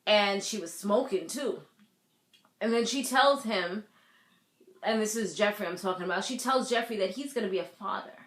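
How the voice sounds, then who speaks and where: A woman recapping a TV episode in casual chat, animated, laughing often and acting out the characters' lines. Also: mid-range voice, moderate pace, echoey room. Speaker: TV recap vlogger. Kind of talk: casual recap with acted-out quotes.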